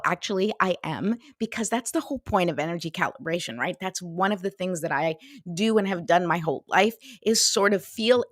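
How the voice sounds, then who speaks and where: A woman's voice: fairly low pitch, a bit bright, no echo, studio quality. A middle-aged woman hosting a casual morning show as an energy coach, chatty and upbeat, often laughing as she talks. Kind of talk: casual morning livestream talk.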